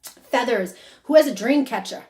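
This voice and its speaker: A woman working as a psychic medium, giving a chatty conversational reading and relaying quotes in lively bursts. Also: a little high, normal speed. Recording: echoey room.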